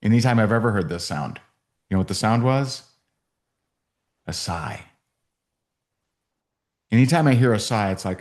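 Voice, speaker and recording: Male sales trainer, low-ish voice, storyteller who acts out dialogue. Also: unhurried, long pauses. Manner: storytelling, acts out both sides of calls. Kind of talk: training talk with stories.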